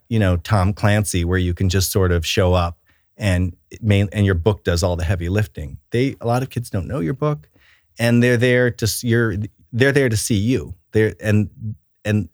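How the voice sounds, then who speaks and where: Deep-voiced man, dry close sound. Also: darkish tone, no echo. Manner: enthusiastic and storytelling, with many fillers and restarts. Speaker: children's book author and illustrator. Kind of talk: relaxed interview chat.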